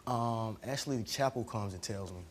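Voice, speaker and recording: Soft-spoken deferential young man. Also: fairly low pitch, fairly quick, a little hiss or hum. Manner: quiet, deferential, answers with yes sir. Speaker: guest. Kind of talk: talk show testimony. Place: television studio.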